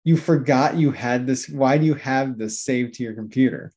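Deadpan podcast host on a video call. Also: male voice, mid-range voice, normal speed, husky. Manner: dry, deadpan asides. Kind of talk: casual chat.

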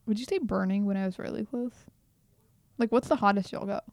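Gravelly-voiced woman, giggly podcast co-host. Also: mid-range voice, normal speed, dry recording, clean studio sound. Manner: playful and giggly. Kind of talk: casual chat.

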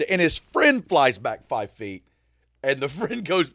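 A man in casual faith conversation, retelling a story as an animated storyteller who rambles and restarts. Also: fairly high pitch, slow, no room sound.

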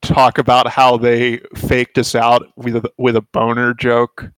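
A man's voice: medium pitch, monotone, unhurried, fairly bright tone, smooth, dry recording, rough recording. A man co-hosting a podcast, chatting casually with wry, joking asides. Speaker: podcast co-host.

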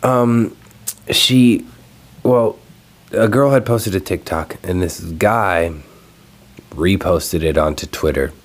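Profane ranting young man, lowish voice. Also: slow pace, long pauses. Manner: profane, exasperated, animated ranting. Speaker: video host. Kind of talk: casual ranting commentary. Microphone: recorded alone at home.

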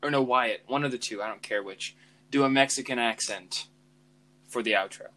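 A young man co-hosting a podcast, teasing his friends with deadpan jokes. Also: medium pitch, moderate pace, rough recording. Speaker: podcast co-host. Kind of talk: casual chat.

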